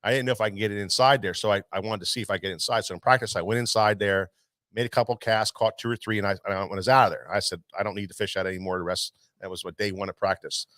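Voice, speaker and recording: Here the tackle shop owner and show host tells his long, wandering fishing story with plenty of restarts, chatting casually. His voice sits on the low side and is a bit bright, steady in tone and quick, with no echo.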